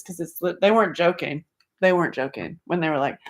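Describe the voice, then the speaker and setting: A middle-aged livestream host with a somewhat low voice talks fast and straight to her audience. Reading out comments, she stays animated and outspoken, cursing without restraint.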